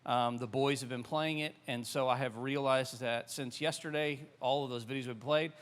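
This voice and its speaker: A man's voice: medium pitch, fairly even intonation, normal speed, fairly bright tone, clean tone. A man in his forties with a Southern American accent, a pastor preaching a sermon in a loose, conversational way full of fillers and restarts.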